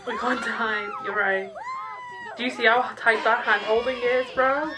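A young woman hosting a reaction video, chatting excitably, laughing often and using slang. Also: on the high side, unhurried, over music, low-quality recording. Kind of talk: casual reaction commentary.

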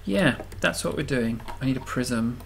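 A man's voice: mid-range voice, lively intonation, normal speed, vocal fry, a bit bright, a little hiss or hum. A man hosting a game video, giving casual, self-amused commentary and thinking aloud as he builds.

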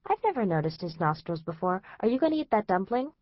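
A woman's voice: medium pitch, big pitch swings, fast talker, no room sound, lo-fi sound. A woman reading as a blunt, bossy teenage girl who lectures her best friend. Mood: offhand. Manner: pushy, lecturing.

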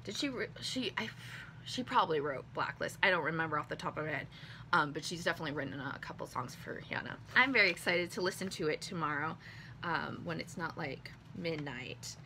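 Gravelly, hoarse young woman vlogger. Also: deep voice, expressive, a little fast, bright, forceful tone, a little hiss or hum. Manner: rambling, lots of ums and likes, self-correcting. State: losing her voice. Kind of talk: casual unboxing chat.

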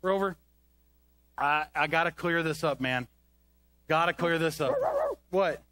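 High-voiced man coaxing a puppet dog. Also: measured pace, sharp tone. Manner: exasperated, scolding and coaxing. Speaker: children's ministry presenter. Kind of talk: comedic kids' skit with a puppet dog. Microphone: handheld microphone.

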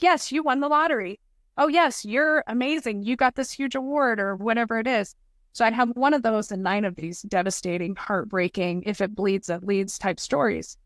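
A woman's voice: medium pitch, no room sound, studio quality. A woman in her forties, a podcast guest and nonprofit founder, telling personal stories in an earnest, heartfelt way and repeating motivational phrases.

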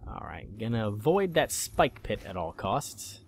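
A man's voice: fairly low pitch, very animated, unhurried, creaky, a little hiss or hum. A man commentating a horror game he is playing, jumpy and swearing, talking back at the game. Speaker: gaming YouTuber.

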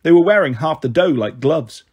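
A man reading a children's novel aloud as a storyteller, in a calm, even manner. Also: fairly high pitch, moderate pace, breathy edge, highs cut off.

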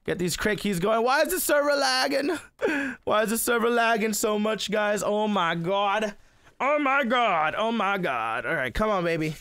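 Young male gamer, high lively voice, excitable let's-play commentary, smooth and dry. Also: normal speed, no room sound. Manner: excitable, exclaims and laughs often. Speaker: gaming YouTuber.

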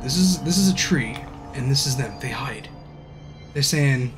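A man streaming casually, rambling through a profane movie recap and acting out scenes in hushed asides. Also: medium pitch, expressive, a little slow, over music.

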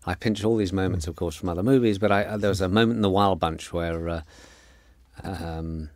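A middle-aged man giving a relaxed, anecdotal film commentary as the director, with frequent fillers. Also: low voice, a little fast, dry recording. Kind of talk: DVD audio commentary.

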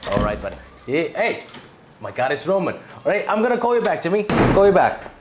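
A man playing a talent agent who tries to calm and win over his client in a salesy, placating way. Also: a little high, brisk, roomy sound, noisy background. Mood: upbeat. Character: smooth-talking male talent agent. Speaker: actor in a short film scene. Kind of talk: acting-class film scene.

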